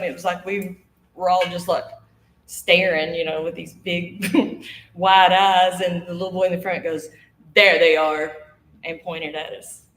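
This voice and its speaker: A woman, telling a ghost story live to an audience, acting out the voices and laughing often. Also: fairly low pitch. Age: 50s. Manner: lively, acts out quoted voices, laughs often. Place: studio stage before an audience. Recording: echoey room.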